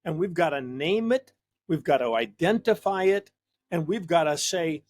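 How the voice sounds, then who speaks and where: A man's voice: a little high, animated, moderate pace, darkish tone. A male psychologist hosting a discussion show, talking earnestly and emphatically, often repeating a word as he starts a sentence. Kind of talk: conversational discussion.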